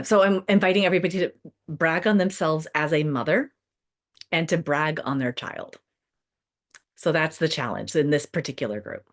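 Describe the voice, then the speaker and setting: A woman's voice: deep voice, normal speed. A middle-aged woman hosting a casual podcast conversation, chatty and laughing often, full of fillers. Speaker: podcast host.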